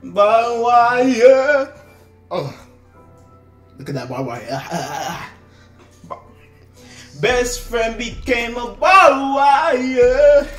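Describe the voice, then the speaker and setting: An excited streamer chatting in an online voice room, talking over bursts of laughter. The sound is roomy and echoey, with faint music playing underneath. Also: medium pitch. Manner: laughing, rapid and rowdy. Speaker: karaoke performer and streamer.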